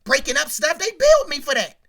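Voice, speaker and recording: A man voicing a bossy, demanding young female pop star who scolds loudly and talks business. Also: extremely high pitch, huge pitch swings, fairly quick, gravelly, heavily acted. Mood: scolding.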